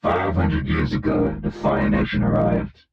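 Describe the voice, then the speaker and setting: A man speaking through a voice changer that makes him deep and monstrous. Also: a little slow, creaky, far from the mic, lo-fi sound, very noisy, full character voice. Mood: ominous.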